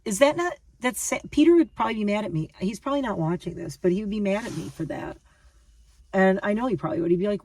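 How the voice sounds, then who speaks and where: A woman's voice: medium pitch, animated, fast, darkish tone, far from the mic. A woman rambling through a casual vlog monologue, chatty and self-deprecating. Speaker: vlogger.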